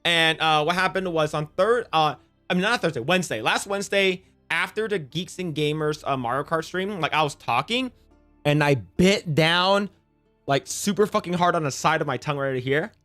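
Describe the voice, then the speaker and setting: Male streamer, young, casual livestream chat, rambling, profane, slightly high voice. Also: moderate pace, a bit bright, faint music behind.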